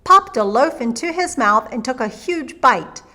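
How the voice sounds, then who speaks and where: Bright-voiced woman reading a folktale. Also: sits high, measured pace. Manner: lively expressive reading. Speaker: storyteller. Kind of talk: storybook narration for children.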